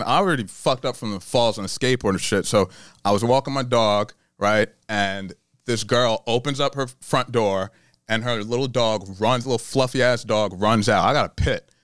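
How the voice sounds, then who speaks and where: A man, a stand-up comedian guest, telling a story in casual chat, profane and animated, laughing often. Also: mid-range voice, moderate pace, clean tone, dry recording, clean studio sound. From New York.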